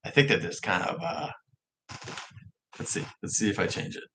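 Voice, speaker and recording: A young man whose R's come out soft, like W's, chatting casually on a livestream vlog with frequent restarts. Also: lowish voice, very animated, moderate pace, creaky, slight background noise. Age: young adult. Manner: rambling, self-correcting talk with frequent restarts. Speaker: livestream vlogger.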